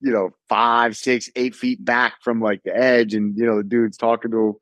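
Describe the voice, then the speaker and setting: A man co-hosting a podcast, telling a story in an animated way and laughing as he talks. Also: mid-range voice, moderate pace, no room sound. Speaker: podcast co-host. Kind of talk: casual chat.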